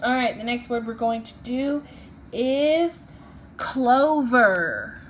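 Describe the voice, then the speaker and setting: A woman's voice: on the high side, a little slow, darkish tone, a little hiss or hum. A woman teaching a phonics lesson, patiently sounding out syllables and letters one by one.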